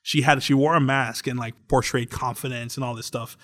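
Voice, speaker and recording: Animated young man retelling a story. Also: mid-range voice, fairly quick. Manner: animated storytelling, acts out quotes. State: tearing up. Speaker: podcast co-host. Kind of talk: casual chat.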